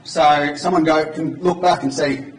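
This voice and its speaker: Guy doing a jokey live coding demo on stage, slightly high voice, echoey hall, mic kinda far off, faint hiss. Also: fairly even intonation, unhurried. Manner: informal and joking. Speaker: conference speaker.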